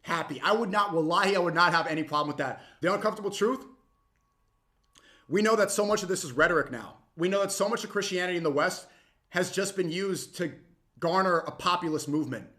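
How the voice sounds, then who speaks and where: A young man reacting to a clip with heated, mocking commentary that swings suddenly loud. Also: sits high, quick pace.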